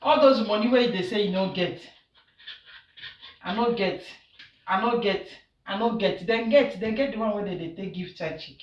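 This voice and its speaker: A medium-pitched woman with a Nigerian accent talks at a moderate pace while she cooks at home, teasing and laughing often in casual commentary for social media. The sound is roomy and distant from the mic, with faint noise and the highs cut off.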